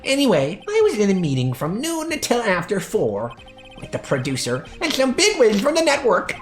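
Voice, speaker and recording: A woman's voice: mid-range voice, huge pitch swings, moderate pace, soft background music, pitched above the performer's own voice. A woman voicing a slangy, drawling male TV director. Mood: bored. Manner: drawled, full of internet slang. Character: lazy slangy middle-aged male TV director. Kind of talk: voice-acted game playthrough. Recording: echoey room.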